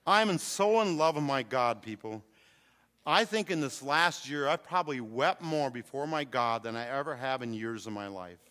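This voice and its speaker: A man's voice: mid-range voice, expressive, normal speed, fairly bright tone. An older man preaching a sermon to a congregation, calling out to them with rising fervor. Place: church hall with congregation. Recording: long hall reverb.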